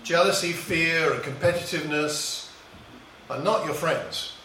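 Here an English man in middle age recalls his childhood, reflective and storytelling, with the occasional small restart. The voice is a little high, bright and forceful at a measured pace, captured off-mic in a roomy echo with faint hiss or hum.

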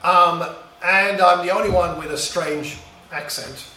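Recorded from a distance in an echoey room, this middle-aged man from England reflects on his boyhood in a musing, storytelling talk with small restarts. His voice is high-pitched and sharp, his intonation fairly even and his pace unhurried.

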